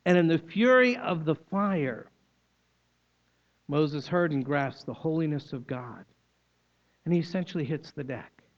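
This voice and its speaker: Male preacher, slightly high pitch, explanatory and emphatic; muffled lo-fi sermon recording. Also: animated, unhurried, long pauses. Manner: explanatory teaching, emphatic repetition. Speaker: pastor. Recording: dull lo-fi recording.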